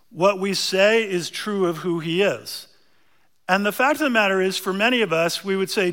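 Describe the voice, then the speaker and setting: A man preaching a sermon, telling a story with animated emphasis and asides to the congregation. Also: high-pitched.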